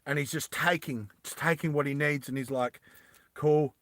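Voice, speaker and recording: A man narrating a tabletop game as game master, in an animated, rambling storytelling style. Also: fairly high pitch, brisk, no room sound.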